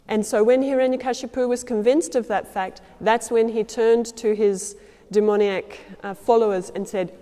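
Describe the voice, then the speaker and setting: A woman tells a devotional story in a sermon, her voice fairly high and mellow. She acts out her characters' lines by shifting her loudness and pace. The sound carries a long hall reverb. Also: steady tone, normal speed.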